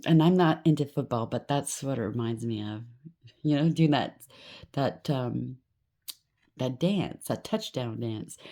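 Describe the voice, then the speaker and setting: A woman with a low, deep speaking voice reads tarot cards for an unseen audience. She talks to the listener directly, keeps checking in with "okay?", and sometimes breaks into short acted-out voices with sudden lifts in pitch. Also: darkish tone. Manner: addresses viewer directly, frequent "okay?" check-ins; acts out quoted voices with sudden rises. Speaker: tarot reader. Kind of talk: tarot card reading for viewers.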